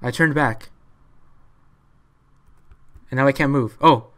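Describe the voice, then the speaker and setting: A man doing live commentary as he plays a video game, excitable and talking to himself. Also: medium pitch, slow. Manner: excitable, talks to himself while playing. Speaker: let's play gamer.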